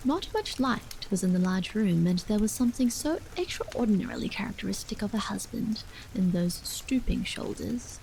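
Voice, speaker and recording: A woman reading a horror novel aloud as a soft, half-whispered ASMR bedtime story. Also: mid-range voice, expressive, normal speed, creaky, hardly any pauses, slight background noise, poor audio.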